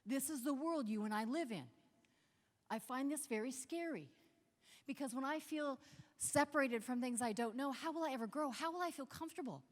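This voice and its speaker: A woman's voice: high-pitched, moderate pace, big-room sound. A woman giving an interactive motivational keynote on a large convention stage, leading the crowd in call-and-response. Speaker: keynote speaker.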